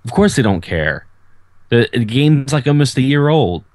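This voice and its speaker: A man's voice: medium pitch, very animated, normal speed, darkish tone, no room sound, studio quality. A man co-hosting a gaming podcast, ranting and complaining in casual chat. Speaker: podcast co-host.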